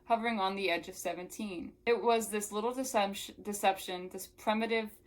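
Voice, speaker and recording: A woman's voice: medium pitch, normal speed. Young woman reading a novel aloud. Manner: casual, exasperated asides. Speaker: book reviewer.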